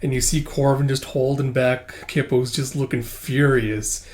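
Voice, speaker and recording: Man, casual comic read-along host, medium pitch, chatty and unpolished. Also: fairly even intonation, moderate pace, a little mellow. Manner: chatty, swears, many fillers. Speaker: comic book reader and reviewer.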